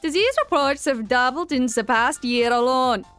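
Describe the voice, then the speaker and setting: A woman's voice: high-pitched, fairly bright tone, clean tone, faint music behind. Woman putting on an accent for a grave briefing official. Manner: put-on accent, slow formal reading.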